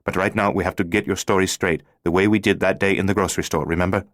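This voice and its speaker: A man's voice: deep voice, fairly even intonation, fast, fairly bright tone, no room sound, studio quality. A man doing a terse, urgent male stranger.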